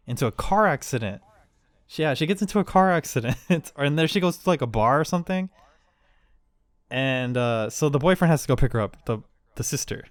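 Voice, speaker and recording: A man's voice: mid-range voice, no room sound. A man co-hosting a casual podcast, rambling through a story, laughing often and acting out the quoted lines. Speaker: podcast co-host. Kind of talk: casual chat.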